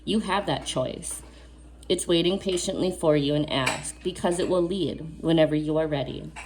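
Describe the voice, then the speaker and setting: A woman's voice: sits low, moderate pace, a little mellow, a little hiss or hum. A woman giving a spiritual oracle card reading to camera. She reads the card text aloud, then adds earnest, casual asides and repeats key phrases for emphasis.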